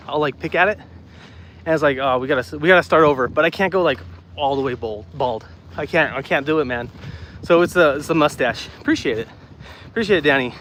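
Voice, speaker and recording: A man's voice: fairly high pitch, fairly bright tone, a little hiss or hum. A man chatting casually with his live viewers while walking outdoors, out of breath, talking loosely and repeating himself into a phone mic. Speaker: streamer doing a walking livestream. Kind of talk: casual chat reading live comments. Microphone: phone mic, no external mic.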